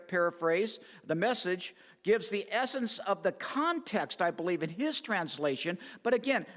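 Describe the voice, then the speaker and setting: A high-pitched male pastor walks a class through a verse, weighing each translation with many "uh" fillers and restarts. His voice carries a long reverb from the church hall. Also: a bit bright. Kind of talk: verse-by-verse Bible teaching. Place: church sanctuary.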